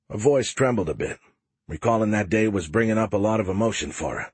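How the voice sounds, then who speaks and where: A man narrating a first-person audiobook in a steady, wry, matter-of-fact way. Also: on the low side, a little fast, slightly rough, no echo.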